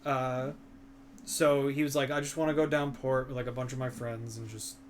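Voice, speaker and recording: A young man co-hosting a stream chats casually, spinning long, rambling stories packed with fillers and crude words. His medium-pitched voice stays level at a normal pace, with slight background noise.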